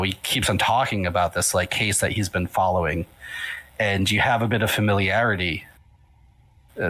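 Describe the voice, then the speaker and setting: A man's voice: low voice, low-quality recording. A man narrating a tabletop role-playing game as game master, loose and full of fillers. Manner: relaxed, filler-heavy narration.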